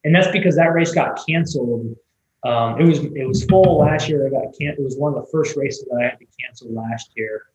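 A man's voice: mid-range voice, brisk, darkish tone, echoey room, low-quality recording. A man, a race director, telling stories in a casual, rambling interview, with many restarts and fillers. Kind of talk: conversational interview storytelling.

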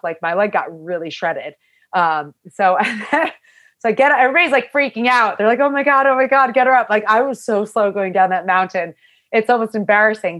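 A young woman tells a story in a loose, chatty way. Her words run on with plenty of "like" fillers, and she acts out what people said. Her voice sits at an ordinary middle pitch for a woman. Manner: chatty, full of "like" fillers, animated retelling. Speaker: hiker telling her story. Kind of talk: casual storytelling chat.

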